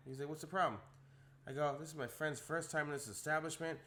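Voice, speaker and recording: On a casual podcast, a young man tells a story with animation, acting out the quotes in a rising voice. He talks fast and on the high side, with slight background noise.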